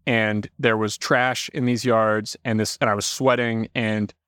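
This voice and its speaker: A young adult man, a podcast guest, telling animated stories in casual talk, swearing freely and acting out quotes. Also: on the low side, unhurried, clear, resonant tone, dry recording, studio quality. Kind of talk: casual storytelling.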